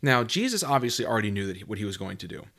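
A man in his thirties from the southeastern United States talks through a Bible passage in a relaxed, earnest way. His voice sits fairly low, and he slows down when he reads scripture aloud. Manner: earnest, conversational, reads scripture slowly and warmly. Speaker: Bible teaching host. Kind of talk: casual Bible teaching talk.

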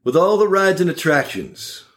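Pitched high and delivered at a moderate pace, this man's voice comes from an oral surgeon around sixty. In a laid-back podcast interview he tells amusing family stories, wry and laughing, animated, quoting people in their own voices.

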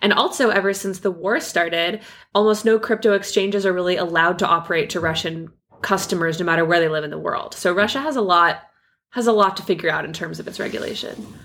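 A woman in her thirties co-hosting a podcast, explaining in a relaxed, plain way and laughing easily. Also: lowish voice, brisk. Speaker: podcast co-host, crypto analyst. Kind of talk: casual expert chat.

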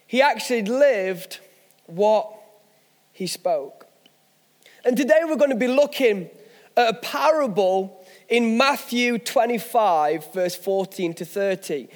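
A man's voice: very high-pitched, expressive, takes it slowly, in a large hall. A man, a pastor, preaching a sermon, telling stories with self-mocking humor. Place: church hall.

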